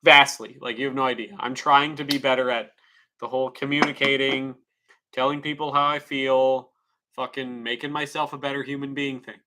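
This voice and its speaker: A man's voice: mid-range voice, flat delivery, moderate pace, noisy background. A man streamer chatting casually and rambling frankly, swearing freely. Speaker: livestreamer. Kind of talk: casual livestream chat.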